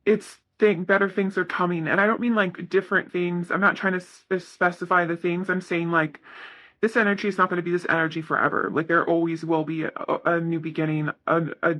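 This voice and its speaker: A man's voice: high-pitched, little pitch movement, brisk, bright, forceful tone. A man giving a casual tarot reading, talking in a rambling, self-correcting way with lots of fillers. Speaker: tarot reader.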